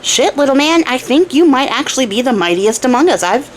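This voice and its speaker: A woman's voice: high-pitched, very animated, a little fast, a little hiss or hum. A woman doing a dopey, laid-back giant. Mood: friendly. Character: big, slow-witted, easygoing male giant.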